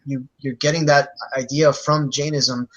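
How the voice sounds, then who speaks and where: A man's voice: mid-range voice, little pitch movement, a little slow, dull audio. A man in a casual discussion, arguing his case in an emphatic, persuasive, lecturing way. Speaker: vegan advocate in a discussion.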